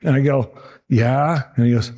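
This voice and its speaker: A man in his sixties, a TV meteorologist telling lively stories from his career to an audience. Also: mid-range voice, moderate pace. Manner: lively anecdotal, acts out quotes, frequent restarts. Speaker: TV meteorologist giving a talk. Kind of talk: storytelling presentation to an audience.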